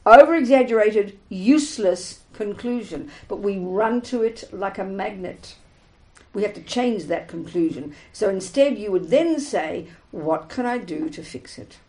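Woman teacher, slightly high voice, emphatic and animated, dharma talk to a group. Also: low-quality recording. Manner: emphatic, animated, acts out little scenes. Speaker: Buddhist teacher.

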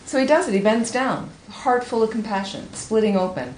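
A woman giving a Buddhist talk, telling a teaching story with lively, high-pitched acted quotes. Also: moderate pace, slight background noise. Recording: echoey room with faint ambience.

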